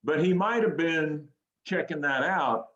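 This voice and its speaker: A man's voice: a little high, a little slow, a bit bright, lo-fi sound. A man being interviewed as a guest, chatting casually with hedging asides. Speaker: guest, local TV anchor and former deejay.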